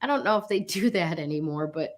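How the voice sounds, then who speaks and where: A woman's voice: lowish voice, lively intonation, brisk. A middle-aged woman co-hosting a spiritual talk show, telling a personal story in a candid, casual way with frequent fillers and the odd swear word.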